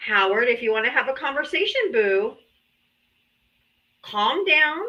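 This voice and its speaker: A woman's voice: fairly high pitch, lively intonation, unhurried, bright, forceful tone, lo-fi sound. A woman hosting a live political debate stream, teasing her callers and laughing often. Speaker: livestream debate host. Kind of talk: casual livestream talk. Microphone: streaming setup.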